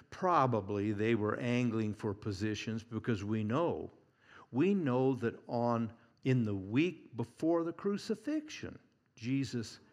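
Animated preacher man with hushed asides. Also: mid-range voice. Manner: dramatic swings between loud emphasis and hushed near-whispers; chuckles at his own points, conversational and humorous. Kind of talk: sermon.

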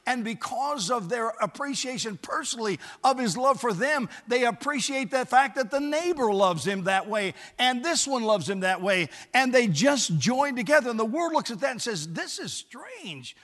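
A man preaching a sermon as pastor. He pleads earnestly and grows gradually quieter and gentler toward the end. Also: very high voice, animated, moderate pace, few pauses. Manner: impassioned, then softening to a hushed close. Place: church sanctuary. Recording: church sanctuary with long reverb.

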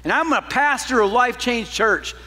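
A man preaching a sermon as a pastor, telling a personal story with animated swings from loud to hushed. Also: very high-pitched, normal speed, big-room sound.

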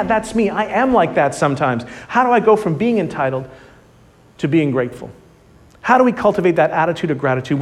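A man preaching a sermon in a conversational, direct way. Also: sits high.

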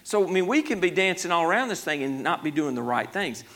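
A man's voice: fairly high pitch, sing-song, fast, fairly bright tone. Folksy man preaching. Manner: folksy, conversational, many restarts, grows emphatic. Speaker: pastor. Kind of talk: sermon Bible study.

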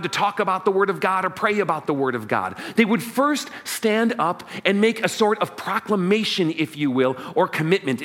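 A man's voice: high voice, fairly bright tone. A man preaching a sermon as pastor, leading the congregation in call and response. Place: church sanctuary.

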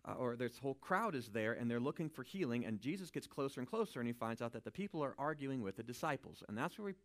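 Animated man teaching the Bible. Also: mid-range voice, fast talker. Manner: animated, swinging from quiet asides to loud emphasis; informal, checks in with "right?".

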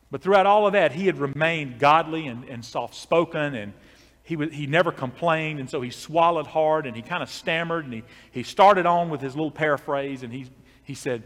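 A pastor telling a long story in a sermon, in a conversational way with many restarts. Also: male voice, a little high, a bit bright, long reverb tail.

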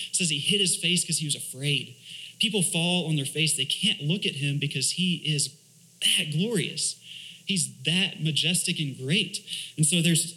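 A young man preaching in a relaxed, conversational way, with a bright, forceful tone set a little high. He often pauses on fillers and restarts his sentences as he teaches a church group. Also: low-quality recording. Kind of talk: casual conversational sermon.

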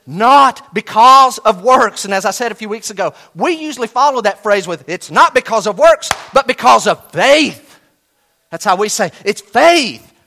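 A man preaching with a bright, forceful tone, pitched a little high for a man. He swings from loud, emphatic lines to low, quiet asides, and reads scripture slowly, word by word. He talks straight to the congregation in a casual, teasing way. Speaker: pastor. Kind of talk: sermon.

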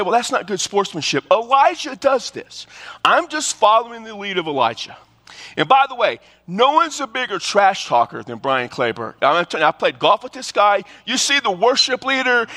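A male pastor preaching a sermon, telling stories with humor and plenty of restarts. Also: high voice. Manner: animated storytelling with humor and repeated restarts. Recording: long reverb of a large hall.

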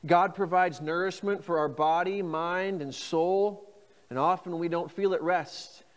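A man preaching a sermon as pastor, reading scripture phrases slowly and inviting the congregation to repeat them. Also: sits high, fairly even intonation, big-room sound. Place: church.

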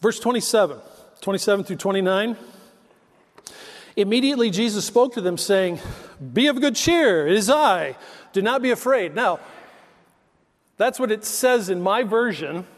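A man's voice: high-pitched, lively intonation, normal speed, long pauses, big-room sound. A male pastor preaching a sermon, telling stories in an emphatic, conversational way.

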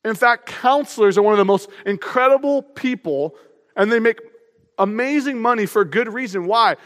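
A man preaching a sermon as pastor, energetic and humorous in a conversational way. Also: high-pitched, moderate pace. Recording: long hall reverb.

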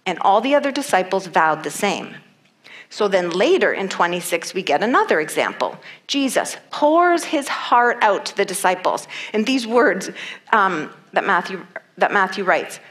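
A woman's voice: medium pitch, big pitch swings, normal speed, a bit bright. A woman preaching a sermon and reading scripture, earnest and emphatic, repeating key phrases for weight.

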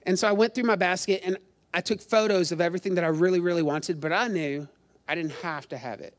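Middle-aged male pastor, high voice, chatty sermon, jokes at his own expense. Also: fast talker. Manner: chatty, self-deprecating storytelling with crowd questions.

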